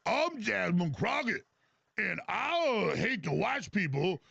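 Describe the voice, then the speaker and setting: Sneering caricature of a woman politician put on by a man, slow and exaggerated, dull lo-fi audio. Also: high voice, sing-song, gravelly, sharp tone, breathy edge, dry recording, full character voice. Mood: mocking.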